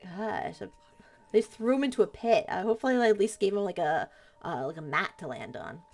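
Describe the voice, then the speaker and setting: A woman's voice: medium pitch, a little fast, darkish tone, soft background music. A young woman streamer playing a story game, chatty and playful, reacting with jokes. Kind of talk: game playthrough commentary.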